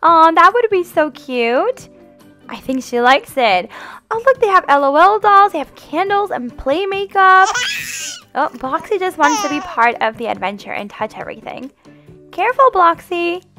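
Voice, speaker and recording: A woman hosting a game roleplay as the mom, talking in an animated, playful, motherly coaxing way. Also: high-pitched, normal speed, faint music behind. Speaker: host and roleplayer playing the mom. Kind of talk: casual game roleplay chat.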